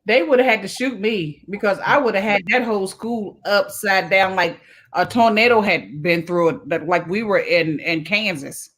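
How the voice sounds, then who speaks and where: A woman's voice: medium pitch, moderate pace, fairly bright tone. A woman co-hosting a casual talk show, speaking emphatically and repeating words for stress. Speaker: co-host. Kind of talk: casual podcast chat.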